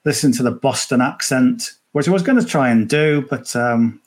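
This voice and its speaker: A man's voice: medium pitch, lively intonation, normal speed. A man giving golf betting tips in casual podcast chat, chatty and rambling, often restarting his sentences.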